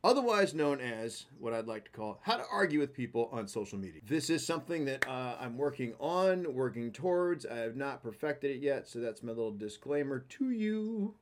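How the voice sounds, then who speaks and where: A man's voice: medium pitch, big pitch swings, moderate pace, few pauses. A man hosting a solo podcast, talking casually and emphatically, with a self-deprecating touch. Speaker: podcast host.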